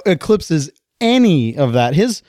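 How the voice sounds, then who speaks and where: A man's voice: on the high side, very animated, slow, dark tone, dry recording, clean studio sound. A man co-hosting a casual podcast chat, joking and ready to argue a point. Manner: joking, teasing, argumentative. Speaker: podcast co-host. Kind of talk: casual chat about motorcycles.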